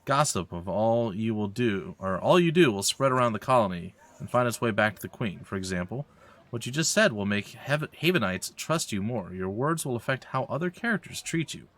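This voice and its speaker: A man's voice: medium pitch, animated, normal speed, a bit bright, natural voice. A man reading the lines of a loyal female fort chief, a stern swordswoman, in an earnest, formal way. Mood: relieved.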